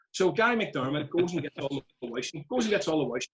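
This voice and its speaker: Northern Irish man telling lively stories. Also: fairly high pitch, fast talker, few pauses, poor audio. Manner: lively storyteller, laughing at his own tales. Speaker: football manager, guest. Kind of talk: casual podcast chat.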